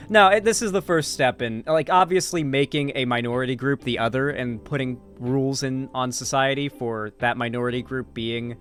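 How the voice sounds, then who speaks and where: A man's voice: mid-range voice, normal speed, few pauses, a bit bright, faint music behind. A man giving casual, profane political commentary on a livestream, loose and full of fillers.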